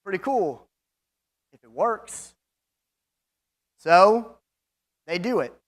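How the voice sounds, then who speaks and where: A man's voice: high voice, lively intonation, drawn-out words, fairly bright tone. A man teaching a Bible class in a casual, chatty way, reading scripture passages aloud between his own comments and asides. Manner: conversational, chatty, with asides and fillers.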